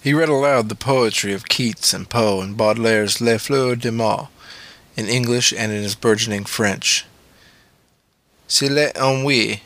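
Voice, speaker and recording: A man's voice: on the low side, steady tone, normal speed, fairly bright tone, dry recording. A man narrating a memoir audiobook in a plain, matter-of-fact way.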